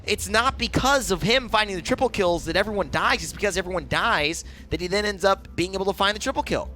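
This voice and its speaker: Bright, playful male esports caster. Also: high voice, faint music behind. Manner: joking, animated banter that shifts into quick analysis. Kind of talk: live esports commentary.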